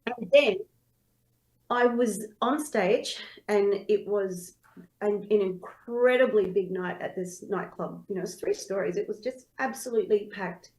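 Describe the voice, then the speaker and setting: A woman's voice: mid-range voice, a little slow, a little mellow, low-quality recording. A woman who is a singer and singing teacher, telling her story in a casual interview and acting out her own past thoughts.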